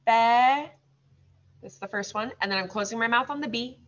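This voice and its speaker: Bright-voiced woman teaching young kids. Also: a little high. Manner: slow, drawn-out modeling of words. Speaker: second grade teacher. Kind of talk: recorded classroom lesson. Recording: slightly dull lo-fi recording.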